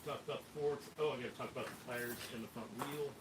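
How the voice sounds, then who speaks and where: A man's voice: medium pitch, fairly even intonation, racing, far from the mic, very noisy. A man filming an e-bike review, chatting casually and joking, often restarting his lines. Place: outdoors.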